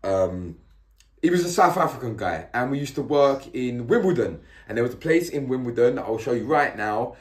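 A man chatting casually to his viewers while cooking, slangy and laid-back with excitable bursts. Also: mid-range voice, normal speed. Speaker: cooking vlogger. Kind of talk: casual cooking vlog chat.

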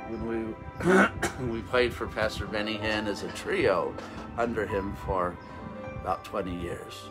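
A man's voice: on the low side, a little slow, loud music behind the voice. A man giving an informal, rambling sermon as a revival minister, with frequent restarts and interjections of praise.

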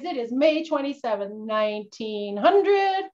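A woman presenter giving a playful, animated storytelling lesson for families over a video call. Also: mid-range voice, slow. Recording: dull lo-fi video-call audio.

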